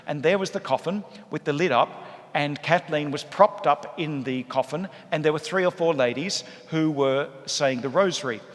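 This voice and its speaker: A man, a priest, giving a sermon in a church with lively, humorous storytelling. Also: on the high side, normal speed. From Australia. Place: large church. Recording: echoey church hall.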